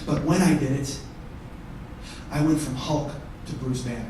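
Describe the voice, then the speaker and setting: A comedian telling a story on a theater stage, profane, swinging from shouting to hushed. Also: male voice, medium pitch, steady tone, normal speed, background noise. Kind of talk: stand-up storytelling. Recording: echoey theater from far off.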